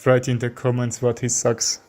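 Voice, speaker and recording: A man from Armenia with an Armenian accent, a chess streamer commenting live in halting English with many fillers. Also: mid-range voice, completely flat delivery, a little mellow, faint music behind.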